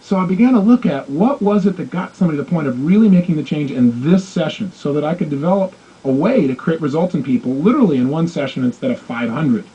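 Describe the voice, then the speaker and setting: A man coaching in a self-help audio program, telling animated stories and acting out the dialogue. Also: on the high side, fast talker, few pauses, slightly rough, dull audio. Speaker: motivational coach.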